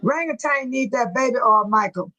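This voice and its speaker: A woman's voice: fairly high pitch, animated, normal speed, bright, forceful tone, poor audio. An older woman, hosting a casual livestream, laughing often and teasing viewers by name as she reads the chat. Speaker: livestream host reading chat.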